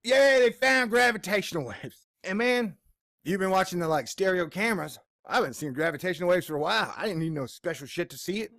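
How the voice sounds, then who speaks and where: A man's voice: high voice, animated, brisk, gravelly, a bit bright, no echo, studio quality. An American man in a bad mood and in pain, giving a profane, sarcastic editorial rant and mocking others in put-on voices. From United States. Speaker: video blogger.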